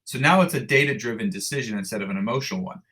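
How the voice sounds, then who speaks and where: A man telling a story as a podcast guest, animated and blunt, swearing casually and restarting sentences. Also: fairly low pitch, racing. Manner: animated storyteller who acts out dialogue, with frequent restarts. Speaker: podcast guest, endurance athlete. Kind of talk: storytelling in an interview.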